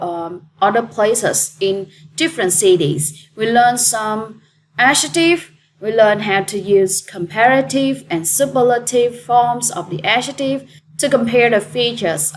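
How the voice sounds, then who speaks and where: A woman with a Vietnamese accent teaches English in a recorded lesson, her voice pitched a little high. She drills words slowly and with emphasis. Music plays clearly behind her.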